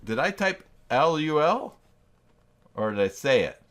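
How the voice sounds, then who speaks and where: A man's voice: fairly high pitch, big pitch swings, unhurried, fairly bright tone. A man hosting a live stream, chatting casually, thinking aloud and reacting to viewers' messages with self-deprecating asides. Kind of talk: casual live-stream chat while working.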